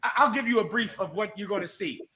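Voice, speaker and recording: A man hosting a live talk show, mocking and animated as he rants. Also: high-pitched, fast talker. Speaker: host. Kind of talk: heated live radio commentary.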